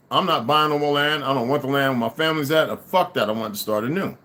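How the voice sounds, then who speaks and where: A man's voice: on the high side, bright, forceful tone. A middle-aged man delivering an angry, profane ranting monologue to his audience, swearing and insulting as he goes. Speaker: livestream host.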